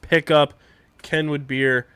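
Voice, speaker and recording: Male podcast host with a smooth, dry voice, brisk outro read. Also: fairly high pitch, flat delivery, fairly bright tone, no echo. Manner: quick reactions, brisk wrap-up plugs. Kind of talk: casual chat and outro read.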